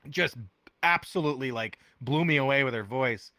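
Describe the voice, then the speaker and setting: Young male podcast guest, bright and lively, animated storyteller, dry close sound. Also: normal speed, no echo. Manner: animated storyteller, acts out quotes with big pitch jumps. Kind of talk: casual chat. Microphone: headphones on.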